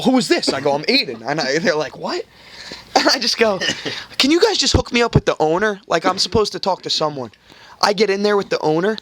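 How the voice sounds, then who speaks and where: A young man hosts a casual podcast and tells a long, rambling story full of swearing. His voice sits a bit high, and he acts out the other people as he goes. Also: fairly bright tone, a little hiss or hum. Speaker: podcast host.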